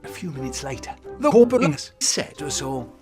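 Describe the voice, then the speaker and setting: A man rambles through a comic homemade story in a deadpan voice. His pitch rises and falls a lot. Faint music plays underneath. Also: normal speed. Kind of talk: comic fan-made story narration.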